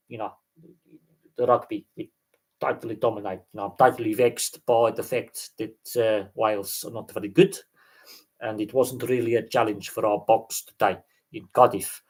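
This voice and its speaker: A man's voice: mid-range voice, steady tone, moderate pace, husky, lightly acted. A man voicing a swaggering, bragging South African rugby fan in a thick mock South African accent.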